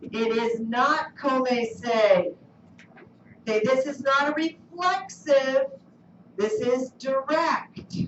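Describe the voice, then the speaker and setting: A high-pitched woman teaches a class at an unhurried pace, quizzing her students and coaxing answers out of them. She is picked up from a distance in an echoey classroom, and the recording sounds dull. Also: noisy background. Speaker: Spanish teacher. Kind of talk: classroom lesson.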